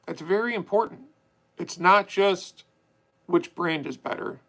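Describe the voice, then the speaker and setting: A man's voice: sits high, measured pace, gravelly, fairly bright tone, rough recording. A young man hosting a casual live stream, chatty and swearing freely as he answers viewer questions. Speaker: livestream host.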